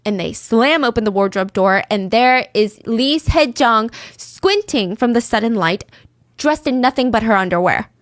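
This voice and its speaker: A woman's voice: fairly high pitch, animated, normal speed, dry recording, clean studio sound. A woman hosting a podcast, telling a true-crime story in a casual, chatty way and dropping into whispers for suspense. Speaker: podcast host.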